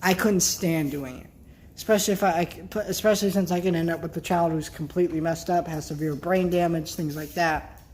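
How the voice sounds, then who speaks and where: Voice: medium pitch, steady tone, fairly quick, darkish tone, slight background noise. Upset vlogger ranting bluntly. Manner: worked up, blunt, swears, trails off into sighs. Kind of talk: casual vlog rant to camera.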